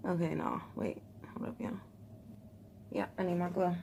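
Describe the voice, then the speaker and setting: A woman's voice: on the low side, little pitch movement, normal speed, gravelly, heavy background noise. Chatty young woman, nervous and laughing. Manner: chatty, nervous, laughs often, talks to viewers as y'all. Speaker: vlogger. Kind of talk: casual beauty vlog chat.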